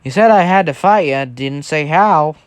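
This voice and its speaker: A man voicing a calm, overpowered young male hero who holds back, talking in a dry, understated way. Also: on the high side, moderate pace, smooth, no room sound, close to an everyday voice.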